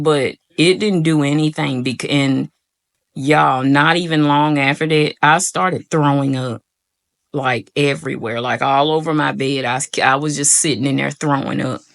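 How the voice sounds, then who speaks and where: Gravelly-voiced young woman vlogging. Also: deep voice. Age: young adult. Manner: rambling, frequent "like" fillers, addresses viewers as y'all. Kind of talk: casual storytelling to camera.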